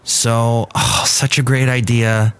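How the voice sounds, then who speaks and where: A man's voice: medium pitch, flat delivery, slow pace, smooth. A man hosting his own podcast in a chatty, rambling, self-mocking way. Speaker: podcast host. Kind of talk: casual chat.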